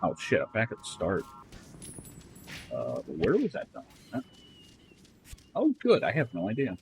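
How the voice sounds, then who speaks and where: A man's voice: on the low side, wildly swooping pitch, unhurried, noisy background. A man casually commenting while he plays a game, thinking aloud and reading game text. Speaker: streamer.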